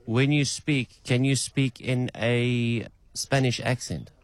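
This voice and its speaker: A man's voice: medium pitch, steady tone, slow pace, no echo. Playful man testing a chatbot. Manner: playful, teasing questions. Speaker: caller testing an AI agent. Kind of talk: casual chat.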